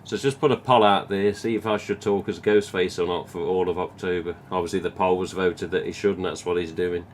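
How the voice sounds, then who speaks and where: A man's voice: sits low, fairly even intonation, a little fast, hardly any pauses, slight background noise. A man with an English Midlands accent hosting a live stream, chatting casually and reading viewer comments, rambling and swearing now and then. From England.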